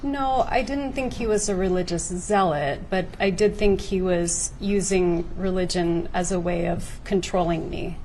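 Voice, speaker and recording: A woman testifying as a witness, answering carefully and in a measured way. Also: lowish voice, a little mellow, a little hiss or hum. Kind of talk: courtroom testimony.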